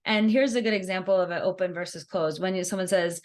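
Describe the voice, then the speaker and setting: A woman giving a networking skills workshop, talking in an animated, conversational way and laughing easily as she acts out examples. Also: fairly low pitch, quick pace. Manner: laughs easily while explaining. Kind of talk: workshop presentation.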